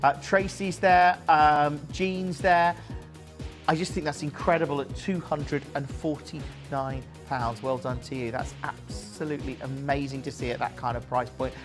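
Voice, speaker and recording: A man's voice: on the high side, fairly even intonation, measured pace, music in the background. A man presenting jewellery on a live shopping channel, chatty and upbeat, urging viewers to buy. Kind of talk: live jewellery sales pitch. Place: television studio.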